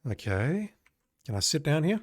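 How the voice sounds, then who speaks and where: Man doing game commentary, wry and sarcastic, lively pitch, dry close sound, typing heard. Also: moderate pace, no echo. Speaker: let's play gamer. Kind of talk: casual game commentary, reading game text aloud.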